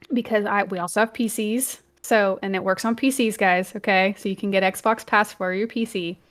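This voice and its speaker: A woman in her thirties co-hosting a podcast, chatting casually with many "um"s and turning lively when she quotes her family. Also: medium pitch. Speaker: podcast co-host. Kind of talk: casual chat.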